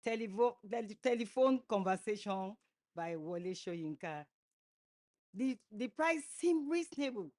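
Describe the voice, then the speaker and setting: A woman reciting a poem on a conference stage, halting now and then to restart a word. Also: medium pitch, animated, a little mellow. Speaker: poetry reader.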